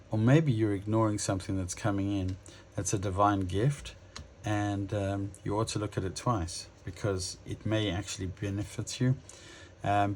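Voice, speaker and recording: A man giving a casual tarot reading to his viewers, musing aloud with many pauses and restarts. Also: on the low side, a little mellow, slight background noise. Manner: addresses viewers directly. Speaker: tarot reader.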